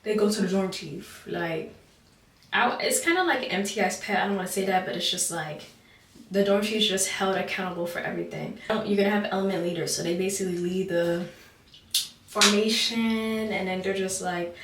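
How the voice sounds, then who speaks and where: A woman's voice: mid-range voice, normal speed, fairly bright tone, a little hiss or hum. A young woman telling a casual storytime, chatty and full of "like", talking through her teeth with an overbite. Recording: roomy, distant mic.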